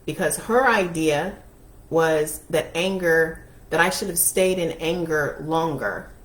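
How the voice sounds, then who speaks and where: A woman's voice: low voice, takes it slowly. A woman coach telling a personal story in a frank, emphatic motivational talk. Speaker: life and money coach. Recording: roomy echo with faint noise.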